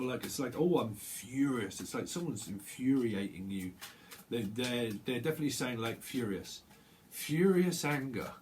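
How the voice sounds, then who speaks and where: A man reads tarot in a loose, rambling way. He talks at an ordinary middle pitch, restarts his sentences often and scatters fillers through them. Now and then he slips into short quoted voices. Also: darkish tone, slight background noise. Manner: acts out little quoted voices, bursts of laughter. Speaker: tarot reader. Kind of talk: casual livestream tarot reading.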